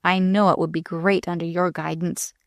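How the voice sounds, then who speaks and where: A woman's voice: lowish voice, little pitch movement, moderate pace, no echo, lightly acted. A woman voicing a bored, condescending rich young man, eager and self-satisfied. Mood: smug.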